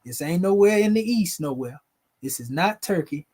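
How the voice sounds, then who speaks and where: A man's voice: sits high, animated, normal speed, a little mellow, husky. A man casually walking viewers through old photographs, talking in a loose conversational way and calling them family. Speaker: video host presenting photos. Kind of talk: casual explanatory talk over pictures.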